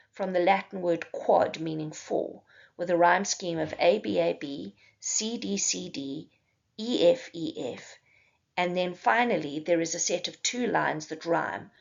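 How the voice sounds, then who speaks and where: A woman teacher giving a slow, careful recorded slide lesson, spelling out examples step by step. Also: fairly low pitch, gravelly, dull audio.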